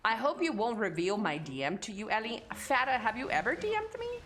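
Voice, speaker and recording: A woman's voice: fairly high pitch, very animated, brisk, fairly bright tone, soft background music. A young woman streamer chatting casually and crudely with her chat, teasing and joking. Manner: profane, teasing, talks to chat.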